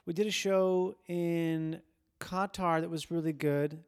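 A man's voice: on the high side, fairly even intonation, slow pace, a little mellow, smooth. A man comedian chatting casually on a podcast, rambling and loose as he recalls things. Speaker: stand-up comedian.

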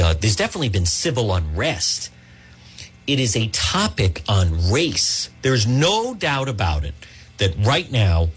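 Male radio host, husky tone, lively pitch, emphatic, argumentative monologue. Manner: combative and emphatic, stumbling restarts. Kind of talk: opinionated talk radio monologue.

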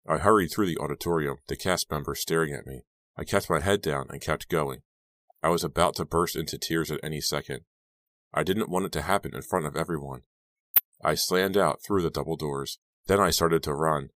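A man reading a teen horror audiobook aloud in steady, dramatic first-person narration. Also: very deep voice, no room sound. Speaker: audiobook reader.

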